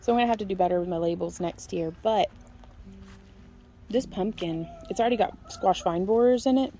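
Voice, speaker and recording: A woman's voice: medium pitch, a little fast, dark tone, a little hiss or hum. A woman from Missouri, casually talking through a walk around her backyard homestead garden, chatty and folksy, laughing often. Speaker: homestead vlogger.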